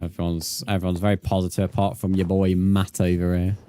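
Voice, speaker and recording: A man's voice: low-pitched, flat delivery, brisk, mellow, faint music behind. A man casually commenting on his gameplay and chatting with viewers, teasing them and swearing freely. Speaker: streamer.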